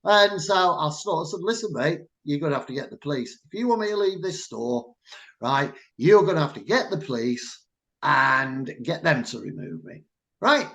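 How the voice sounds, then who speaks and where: Animated Mancunian man telling a story. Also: on the high side. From Manchester, England. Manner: animated storytelling, loud and blunt. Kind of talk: casual chat.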